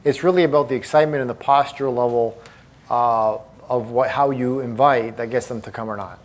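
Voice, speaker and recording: A man's voice: mid-range voice, steady tone, a little fast. A man leading a live seminar, speaking emphatically and asking the audience questions directly. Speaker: motivational speaker.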